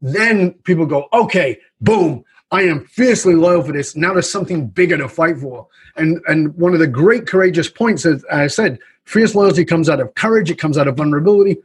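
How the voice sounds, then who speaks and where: Male speaker, fairly high, very husky voice, animated storyteller for an interview. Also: a little fast, few pauses. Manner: animated, acts out voices in anecdotes. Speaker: author and leadership speaker. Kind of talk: storytelling in conversation.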